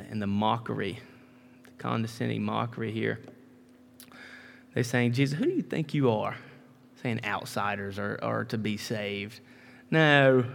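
A man with a gravelly, creaky voice preaches a sermon at an ordinary pitch. He talks conversationally, doubling his words and tossing in "right?" asides and folksy emphasis. The sound carries the long reverb of a large hall. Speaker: pastor.

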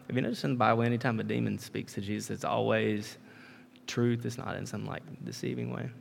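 A man's voice: on the low side, fairly even intonation, a little fast, gravelly, slight background noise. A man preaching a sermon in a conversational way, repeating words, with frequent "right?" asides and folksy emphatic turns of phrase. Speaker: pastor. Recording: long reverb of a large hall.

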